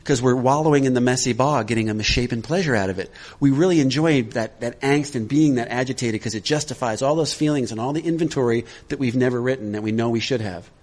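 A man leading a recovery workshop in an easygoing, conversational way. His voice sits at an ordinary middle pitch, and he keeps checking in with his listeners as he talks. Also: quick pace, few pauses, a little mellow. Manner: conversational, checks in with "all right?". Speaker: workshop leader.

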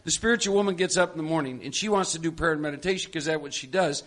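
A man with a bright, forceful voice leads a group workshop. He coaxes and prods participants in an animated way and laughs often. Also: on the high side, rapid-fire. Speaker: workshop leader. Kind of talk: lively group workshop talk.

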